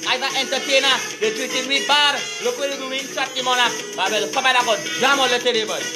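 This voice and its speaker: A man's voice: very high voice, steady tone, fast talker, loud music behind the voice. A man from Trinidad and Tobago with a Trinidadian accent, an entertainer delivering a heated, profane, repetitive rant to camera. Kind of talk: angry cursing rant to camera.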